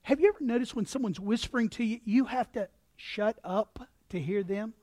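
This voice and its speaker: A man preaching a sermon as pastor, animated, acting out voices and repeating words as he builds his points. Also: sits high, moderate pace, no echo.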